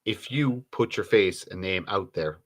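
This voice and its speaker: A man's voice: sits low, unhurried, a bit bright. A middle-aged Irish man co-hosting a live stream chat, blunt and profane, restarting his sentences as he talks. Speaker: co-host.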